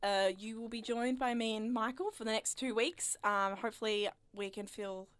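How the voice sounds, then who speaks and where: A woman's voice: a little high, steady tone, normal speed, fairly bright tone, clean tone, dry recording. A woman co-hosting a casual sports chat show, chatty, and she wraps up the show. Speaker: producer and co-host.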